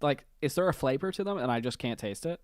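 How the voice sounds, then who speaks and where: A podcast host on a call, chatting casually, animated and profane, laughing often. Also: medium pitch, fast talker, no echo, studio quality. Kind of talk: casual chat.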